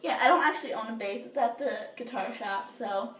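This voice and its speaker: A woman's voice: fairly high pitch, a little fast, fairly bright tone. Bubbly teen girl rambling, echoey room. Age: teens. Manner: rambling, bubbly, many fillers and restarts. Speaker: vlogger. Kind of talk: casual chat. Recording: echoey room, somewhat far from the mic.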